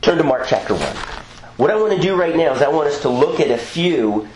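A man's voice: a little high, animated, a little fast, darkish tone, roomy sound, slight background noise, low-quality recording. A man preaching a teaching sermon in a conversational way, with frequent asides and self-corrections.

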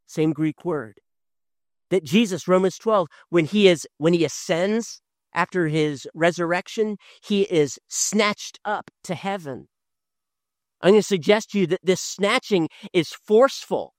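A man, a father in his thirties, preaching a sermon, swinging from loud emphasis to hushed tones. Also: sits high, a little slow, dry recording, clean studio sound. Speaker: pastor.

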